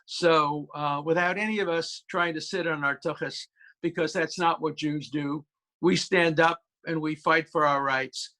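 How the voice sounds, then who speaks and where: A man's voice: on the high side, fairly even intonation, unhurried, bright, forceful tone. A male law professor speaking as a guest on a video call, emphatic and storytelling, with many hesitations.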